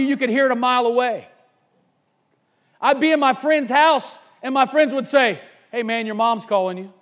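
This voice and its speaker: Fervent pastor, very high voice for a man, preaching hard, then dropping to quiet asides. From Covington, Kentucky, USA. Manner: fervent preaching, swinging from shouts to low asides. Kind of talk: sermon.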